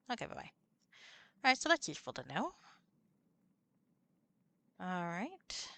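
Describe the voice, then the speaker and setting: A woman's voice: fairly low pitch, wildly swooping pitch, slow pace, gravelly, pauses often, a bit bright. A woman streaming a computer role-playing game, chatting casually, swearing and reading out the characters' lines. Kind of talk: casual let's-play chat with read-aloud dialogue.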